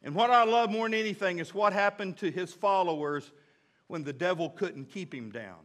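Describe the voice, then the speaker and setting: A man's voice: sits high, normal speed, fairly bright tone. A male pastor preaching a sermon in an emphatic, repetitive way.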